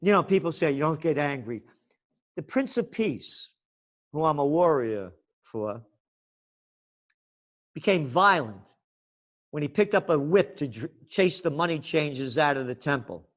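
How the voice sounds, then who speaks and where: Man, guest forecaster, impassioned rant with biting sarcasm, slightly high voice. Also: animated, unhurried, pauses often. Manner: fiery, ranting, sarcastic. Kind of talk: impassioned podcast interview.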